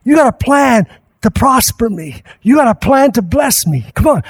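A male pastor preaching a sermon at a church service, impassioned and rising at times to shouts. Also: extremely high pitch, expressive, normal speed, slightly rough.

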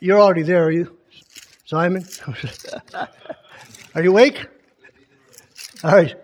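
A man's voice: high voice, steady tone, measured pace. A man preaching in a conversational teaching style, reading scripture aloud with emphasis and often quizzing his listeners with questions. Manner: keeps quizzing the congregation with questions.

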